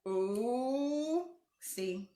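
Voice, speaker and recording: In an echoey room, a middle-aged woman hosts a live online talk show, reading out viewer comments in a fairly high voice with lively intonation and a very slow pace. She comes across as warm, affirming, and playful, laughing often.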